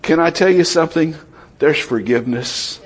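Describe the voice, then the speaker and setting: A man's voice: on the high side, normal speed, breathy edge. A man preaching a sermon in a conversational way, asking the congregation questions and acting out voices from the Bible.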